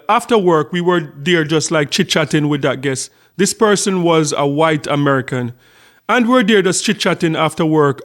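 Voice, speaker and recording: A middle-aged Jamaican man hosting a casual vlog, telling a story in a chatty way with lots of repeated words. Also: on the high side. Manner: chatty storytelling with frequent repetitions. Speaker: channel host.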